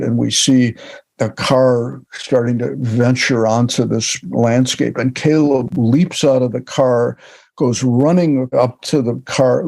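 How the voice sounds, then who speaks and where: An older man, a film director, telling relaxed, wry anecdotes as a guest in an interview. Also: medium pitch, creaky, no room sound. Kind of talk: storytelling in an interview.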